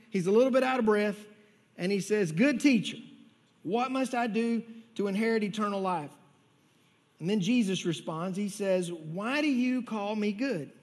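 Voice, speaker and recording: A man preaching a sermon as a pastor, conversational, with frequent repeated words and slow, emphatic phrases. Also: high-pitched. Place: church sanctuary. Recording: long reverb of a church hall.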